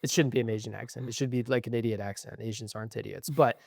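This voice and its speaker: A man's voice: mid-range voice, fast talker, creaky, a little mellow, no echo, studio quality. A young man co-hosting a podcast in casual chat, ranting in a profane, frustrated way. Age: young adult. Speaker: podcast co-host.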